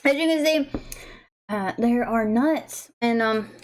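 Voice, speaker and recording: A bubbly woman chats casually on a livestream. Her voice sits a little high, she giggles easily, and she trips over words as she reads aloud. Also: takes it slowly. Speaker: livestream host tasting snacks.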